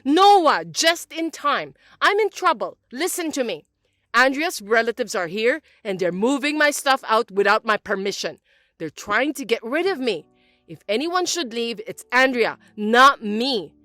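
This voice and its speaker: A woman voicing a spiteful middle-aged mother-in-law who scolds and complains loudly in an animated text story. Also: on the high side, moderate pace, no room sound, soft background music. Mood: complaining. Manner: accusing, loud, whiny.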